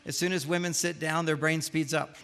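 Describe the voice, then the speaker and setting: An older man giving a humorous lecture to a live audience, an animated storyteller who acts out the lines he quotes. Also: a little high, a little fast, clear, resonant tone. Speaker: speaker giving a talk.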